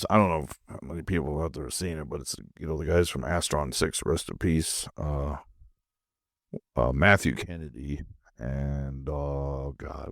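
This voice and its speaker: A gravelly, rumbling low voice belongs to a man who hosts his podcast from his home movie room. Drowsy and barely awake, he meanders through a laid-back monologue, recorded at studio quality with no echo.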